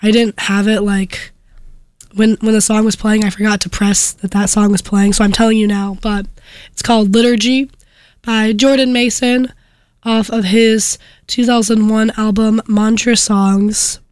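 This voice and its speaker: A sick young woman hosting a student radio show, talking casually between songs in a soft, quiet voice and rambling with false starts. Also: medium pitch, little pitch movement, measured pace, dry recording. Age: young adult. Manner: rambling, hesitant with restarts.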